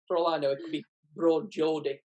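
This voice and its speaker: A woman hosting a podcast in casual chat, quick-witted and joking. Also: low-pitched, flat delivery, a little mellow. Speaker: podcast host.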